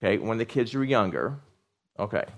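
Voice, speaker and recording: This middle-aged pastor delivers a lively sermon with a lowish voice and a brisk pace. He repeats words to drive points home and asks his congregation questions.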